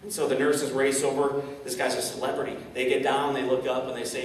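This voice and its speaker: This male motivational speaker from St. Louis, Missouri, talks fairly quickly in a medium-pitched voice with little pitch movement, stammering into repeats and posing frequent rhetorical questions during an inspirational keynote. He is far from the mic in an echoey, large indoor hall, with a little hiss or hum.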